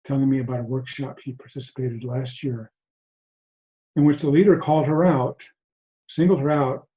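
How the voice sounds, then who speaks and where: A man teaching mindfulness to an online group, speaking softly and haltingly with frequent restarts over a video call. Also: mid-range voice, fairly even intonation. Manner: soft-spoken, halting, many restarts. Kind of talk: reflective talk to an online group. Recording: dull lo-fi video call audio.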